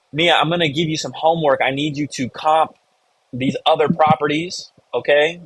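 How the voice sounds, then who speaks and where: A man's voice: mid-range voice, a bit bright, slightly rough, dry recording, rough recording. A man hosting a live online real estate meeting, coaching a member and encouraging the audience. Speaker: host of a real estate investor community call.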